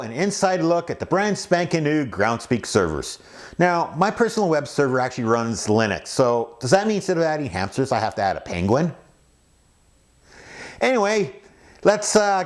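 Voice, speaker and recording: A man's voice: on the high side, darkish tone. A man hosting his own hobby podcast, reading announcements and links in an upbeat, playful announcer manner. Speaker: podcast host. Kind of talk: scripted podcast narration.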